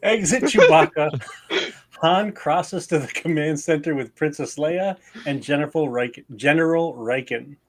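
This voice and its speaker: A man's voice: a little high, unhurried, a little hiss or hum. A man narrating stage directions at a live play reading.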